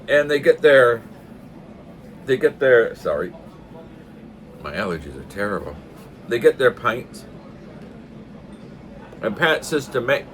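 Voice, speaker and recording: A man's voice: mid-range voice, unhurried, pauses often, fairly bright tone, slight background noise. An older man hosting his own channel, telling jokes in a casual, jovial way, laughing often and throwing in mock-posh asides. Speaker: channel host. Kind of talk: casual joke-telling chat. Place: pub.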